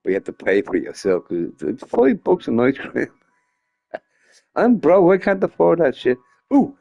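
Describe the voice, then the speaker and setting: A man's voice: fairly low pitch, a little mellow. A drunk man rambling and joking crudely while streaming a game. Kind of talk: casual stream chat.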